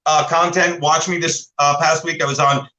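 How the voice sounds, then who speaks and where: A man with a bright, slightly high voice rambles through a casual comedy talk show, piling stories on top of each other. He slips into quick voices of the people he describes. The sound carries a noticeable room echo. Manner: rambling, animated storytelling with impressions. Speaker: co-host.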